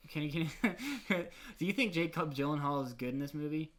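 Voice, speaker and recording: A man's voice: a little high, expressive, brisk, fairly bright tone. A young man co-hosting a podcast, talking casually, rambling, swearing and laughing often. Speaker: podcast co-host. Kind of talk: casual chat.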